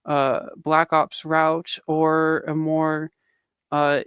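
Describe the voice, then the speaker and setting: Higher-ish smooth guy voice, rambles, kinda muffled dry audio. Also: fairly even intonation, takes it slowly, a bit bright, no room sound. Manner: rambling, fillers like "like" and "uh". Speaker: tabletop game player and stream guest. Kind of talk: casual podcast chat.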